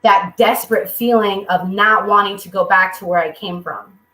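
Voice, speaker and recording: A woman's voice: mid-range voice, normal speed, roomy sound, poor audio. A woman speaking candidly at a recovery meeting, telling her own story with humor and acting out the people in it. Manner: candid, humorous, quotes people in lively voices. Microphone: video call.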